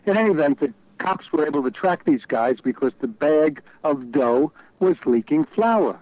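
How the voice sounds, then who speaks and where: A man's voice: a little high, expressive, normal speed, no echo. A wry, opinionated man with a New York accent chats on a talk radio show. His voice comes through a slightly dull, lo-fi line. The sound is dry and close. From New York City. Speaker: regular radio guest commentator.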